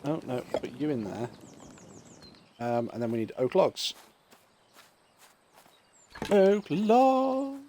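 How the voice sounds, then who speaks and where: A man's voice: medium pitch, moderate pace, pauses often, a little mellow, slight background noise. A man, chatting casually and rambling while streaming a puzzle game. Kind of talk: casual gameplay chat.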